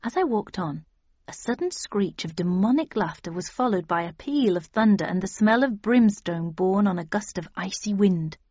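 A woman's voice: mid-range voice, expressive, moderate pace, a little mellow, breathy edge, no echo, dull audio. A woman reading a first-person story aloud, in a dry, wry manner. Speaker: audiobook narrator. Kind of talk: scripted first-person narration.

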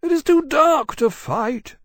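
A man's voice: extremely high pitch, expressive, takes it slowly, no room sound, studio quality, pitched above the performer's own voice, exaggerated voice. A man doing a grumbling sleepy dragon. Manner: complaining, drawn out.

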